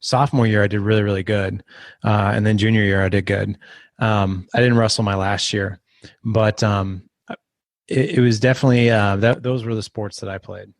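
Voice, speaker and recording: A man in his thirties speaks as a podcast guest, his voice sitting a little low. He rambles and restarts as he tells his story. The sound is dry and close. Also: normal speed, dry recording. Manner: rambling, restarts, animated when quoting. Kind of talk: casual storytelling interview.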